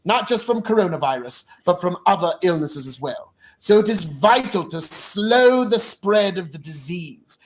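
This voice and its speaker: Man impersonating a British politician, put-on British accent, solemn address, measured, fairly high voice. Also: expressive. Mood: grave. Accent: British English, put on. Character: grave British male politician giving a national address. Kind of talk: impression of a speech.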